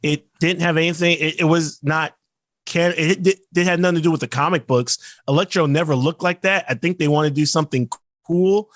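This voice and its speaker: A man's voice: on the high side, a little fast, no room sound. Ranting man with a dry close voice. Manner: animated ranting, mimics actors in asides. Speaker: podcast co-host. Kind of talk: casual chat.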